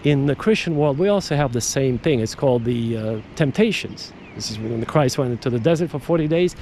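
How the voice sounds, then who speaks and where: Rambling man with a mellow voice. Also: mid-range voice, expressive, a little fast, slight background noise. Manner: digressive, emphatic, repeats words and restarts sentences. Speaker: podcast host. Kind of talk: casual rambling monologue.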